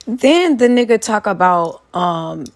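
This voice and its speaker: A woman's voice: medium pitch, big pitch swings, takes it slowly. Heated profane woman ranting. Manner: heated, profane, repetitive rhetorical questions. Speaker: commentator. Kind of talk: angry rant commentary.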